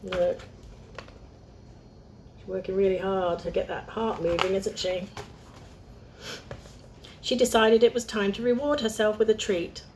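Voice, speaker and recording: A woman's voice: mid-range voice, steady tone, a little slow, pauses often, a little mellow, slight background noise. A young woman reading a picture book aloud, chatting to young listeners between lines. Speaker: storyteller.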